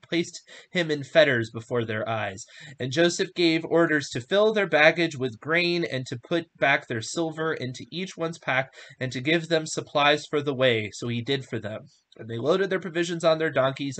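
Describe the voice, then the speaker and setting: A man co-hosting a podcast, reading a Bible passage aloud in a measured way, slowing down on solemn lines. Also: fairly high pitch, fairly bright tone. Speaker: podcast co-host reading scripture.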